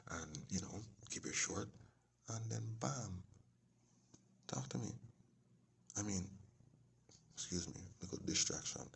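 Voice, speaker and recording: A man's voice: deep voice, gravelly, a bit bright, a little hiss or hum. A man telling a long rambling story, often dropping into whispered asides. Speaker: vlogger. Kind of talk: casual storytelling monologue.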